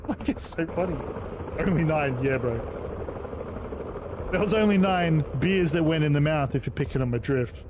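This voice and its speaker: A man chatting loosely while playing a game, swearing and telling animated stories. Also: on the high side, moderate pace, long pauses. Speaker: gaming channel host. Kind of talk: casual chat while playing.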